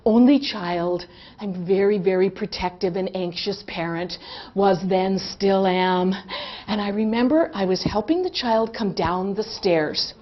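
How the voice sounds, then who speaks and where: A middle-aged woman telling a humorous personal anecdote in an animated way, often laughing. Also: medium pitch, measured pace, lo-fi sound. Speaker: storyteller.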